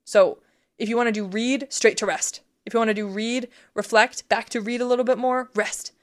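A woman's voice: on the high side, fairly even intonation, normal speed. Chatty woman explaining prayer steps. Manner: earnest, chatty, explains step by step with many "like"s. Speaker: podcast co-host teaching prayer practice. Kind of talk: casual faith podcast chat.

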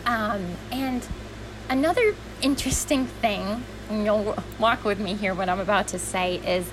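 A young adult woman from Western New York, a podcast guest talking in a gentle, earnest and effusive way. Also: medium pitch, moderate pace, noisy background. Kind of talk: casual chat.

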